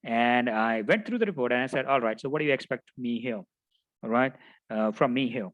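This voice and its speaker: A middle-aged man teaching a class in an anecdotal lecture style, checking in with his listeners by adding "right?" again and again. His voice sits at an ordinary middle pitch. It is recorded dry and close, with no room echo. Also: expressive, brisk, dull audio. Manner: anecdotal, tags sentences with "right?". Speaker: project management instructor. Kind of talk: storytelling lecture.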